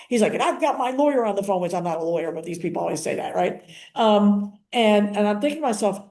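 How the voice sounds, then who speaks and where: An older woman, an activist and paralegal, gives a casual spoken training in a chatty way, acting out the conversations she describes. Her mid-range voice is sing-song and dark in tone, she speaks quickly, and the room is echoey.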